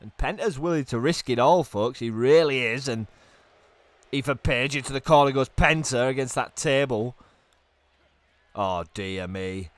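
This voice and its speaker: A man doing excited play-by-play commentary on a wrestling video game while ill, dropping to low mutters and then bursting into shouts. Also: a little slow, dry recording. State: ill, coughing.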